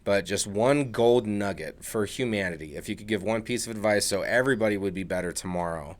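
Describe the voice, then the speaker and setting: A man's voice: fairly low pitch, fairly quick. A man hosting a podcast, talking earnestly in a casual chat and often repeating words as he begins a sentence. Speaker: podcast host. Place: podcast studio at a table.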